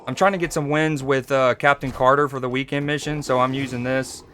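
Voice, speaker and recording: Streaming a card game, a man from Georgia chats casually with viewers and jokes around, laid-back as he talks to chat while playing. His medium-pitched voice is a bit bright and fairly even, moving briskly with few pauses over soft background music.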